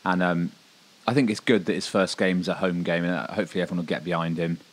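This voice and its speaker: A man's voice: low voice, fairly even intonation, fast talker. A man co-hosting a football podcast, talking in a rambling, hesitant way with many ums and restarts. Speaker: podcast co-host. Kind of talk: casual football chat.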